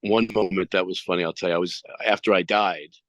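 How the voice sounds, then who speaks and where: A middle-aged actor with a low voice speaks briskly in an interview, casually telling animated anecdotes and acting out the quoted lines. The sound is dry and slightly dull, with no echo.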